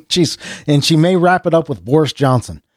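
A man's voice: fairly high pitch, expressive, moderate pace, no echo, clean studio sound. A middle-aged American man hosting a casual podcast chat, rambling and restarting his sentences with the odd chuckle. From United States. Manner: rambling, self-interrupting, chuckling. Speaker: podcast host.

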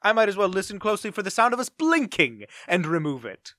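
A man's voice: high-pitched, big pitch swings, fast talker, bright, forceful tone, no echo, studio quality. A man co-hosting a podcast, chatting in a jokey, theatrical, rambling way. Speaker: podcast co-host. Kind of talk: casual comedic chat.

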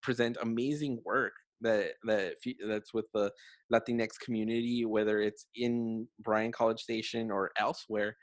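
A man's voice: fairly low pitch, fairly even intonation, moderate pace, no room sound. A young man hosting a casual conversation, chatty with many fillers and frequent laughter.

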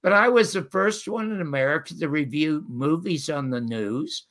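An older man telling animated stories as a guest, quoting the people in them. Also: on the high side, normal speed. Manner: animated storyteller quoting others. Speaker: guest storyteller. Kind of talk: casual interview anecdotes.

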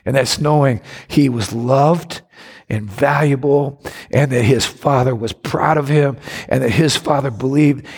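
A man's voice: gravelly, breathy edge. A man preaching a sermon to a congregation, with dramatic rises and drops in his delivery. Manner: dramatic, rising to high voices for quoted mockers. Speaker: pastor. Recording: reverberant hall.

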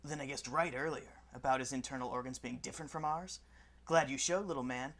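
A man reading as Captain America, halting. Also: medium pitch, fairly bright tone. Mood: earnest. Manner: halting, stumbling read of comic lines. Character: Captain America, earnest male soldier hero. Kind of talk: mock audition reading.

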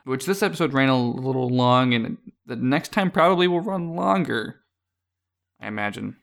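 A young man chatting loosely on a podcast, his voice sitting at an ordinary middle pitch. He rambles, trails off, restarts his sentences and laughs often as he talks. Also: normal speed, vocal fry. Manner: rambling, relaxed, laughs often, many fillers. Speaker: podcast co-host. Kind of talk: casual podcast chat.

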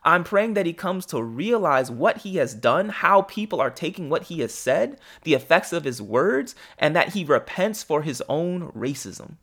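A man hosting a devotional podcast who asks earnest, pointed questions and then leads a quiet prayer. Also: fairly high pitch, big pitch swings, normal speed, hardly any pauses. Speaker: podcast host.

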